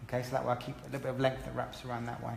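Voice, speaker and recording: A man with a gravelly, mid-pitched voice talks through a haircut in a chatty, encouraging way, explaining each step for an online class. His voice rings around a roomy salon with a long reverb tail. Faint ambient noise sits underneath. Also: monotone, racing. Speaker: hairdressing educator. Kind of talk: live-streamed haircut tutorial.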